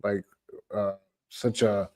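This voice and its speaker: A man's voice: lowish voice, level tone, takes it slowly, darkish tone. A man co-hosting a casual comic book podcast, laid-back, saying "dude" and "man" a lot and filling gaps with "um" and "uh.". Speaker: podcast co-host.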